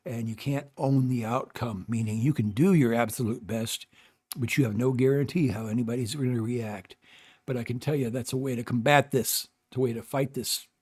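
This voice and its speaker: Older male vlog host, halting, rambling delivery, ordinary mid-range voice. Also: medium pitch, steady tone, darkish tone, husky. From North America. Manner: rambling, halting, with many restarts and fillers. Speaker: channel host. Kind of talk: casual talk to camera.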